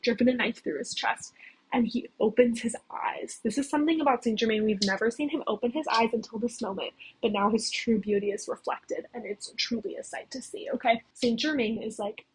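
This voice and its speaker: A woman's voice: fairly high pitch, brisk, a little hiss or hum, poor audio. A young woman casually recapping a game story on a cheap mic, chatty and full of filler words. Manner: chatty, leans heavily on "like" and "okay?".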